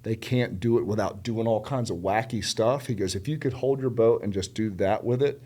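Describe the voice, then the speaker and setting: A middle-aged man from South Carolina speaks in a fairly low voice as a podcast guest. He tells stories casually and animatedly, leaning on words with repetition and slipping into the voices of the people he quotes. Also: brisk. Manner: animated, acts out quoted dialogue; emphatic, repeats words for stress. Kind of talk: casual storytelling conversation.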